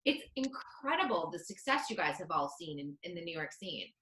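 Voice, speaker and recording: A woman host speaks in an enthusiastic, chatty way, keeping the talk moving with follow-up questions. Her voice is bright and clear. It is recorded with a noticeable roomy echo around it. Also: on the low side, sing-song, brisk. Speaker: interview host. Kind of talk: casual interview chat.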